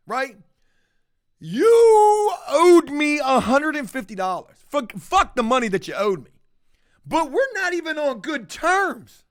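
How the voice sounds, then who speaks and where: A man's voice: extremely high pitch, sharp tone, no echo, studio quality. A man telling a story to camera as a profane, mocking rant. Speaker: vlogger.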